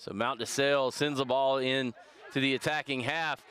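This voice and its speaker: A man's voice: medium pitch, normal speed, sharp tone, clear, resonant tone. A man filling in as a soccer commentator, calling the plays steadily and lifting his voice on big moments. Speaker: fill-in commentator. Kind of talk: play-by-play commentary. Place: press box at outdoor field.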